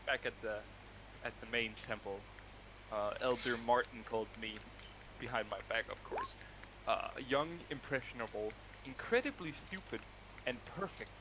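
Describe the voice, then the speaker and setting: A man's voice: mid-range voice, noisy background. A man playing a tabletop game in character, mock-pompous and sarcastic. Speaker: player.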